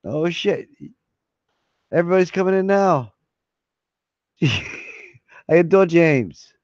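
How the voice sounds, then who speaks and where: A man's voice: high-pitched, lively intonation, slow pace, a little mellow, no room sound. A man hosting a live-stream hangout, chatting casually and rambling, often laughing and swearing. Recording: dry, slightly dull lo-fi sound.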